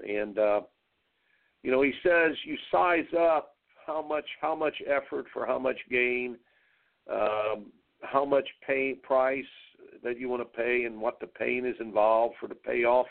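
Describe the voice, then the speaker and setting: A middle-aged tennis coach talks on his radio show, wandering through anecdotes and doubling back on his words. His voice has a gravelly edge and sits at an ordinary pitch. It comes through a narrow, phone-like line. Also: unhurried. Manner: rambling, repeats words, tells stories with quoted dialogue.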